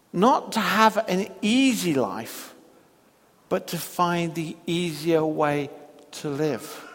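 A male preacher delivering a sermon at an unhurried, measured pace, pausing often as he tells a story. His voice sits fairly high for a man. The sound carries a long reverb, like a large church.

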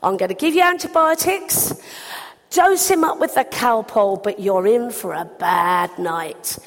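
A woman voicing a doctor in a brisk, matter-of-fact way. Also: mid-range voice, animated, vocal fry, big-room sound, low-quality recording. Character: brisk, blunt family doctor.

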